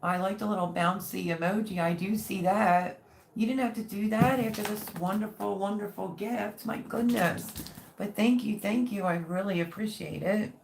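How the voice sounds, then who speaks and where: Female livestream host, mid-pitch with vocal fry, chatty and grateful toward viewers, casual unscripted delivery. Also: moderate pace, a little hiss or hum. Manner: chatty, reads viewer comments aloud and thanks them warmly.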